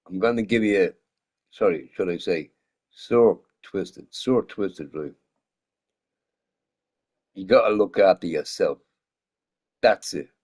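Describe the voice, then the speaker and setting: A man streaming a game while a little drunk, chatting casually in a rambling way, swearing a lot and laughing often. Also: on the low side. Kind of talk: casual live-stream chat.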